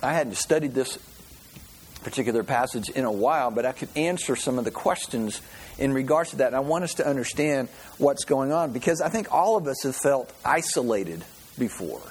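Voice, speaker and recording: Husky-voiced man preaching a casual sermon. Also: mid-range voice, lively intonation, normal speed. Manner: folksy storytelling with frequent restarts. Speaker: pastor. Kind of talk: conversational sermon.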